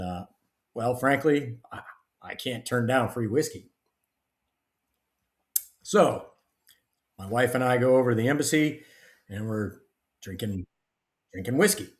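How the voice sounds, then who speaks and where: A middle-aged man, a guest author and retired army officer, telling stories in a lively, casual way. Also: mid-range voice. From United States. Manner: animated storyteller, acts out dialogue. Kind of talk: casual storytelling interview. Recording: roomy echo.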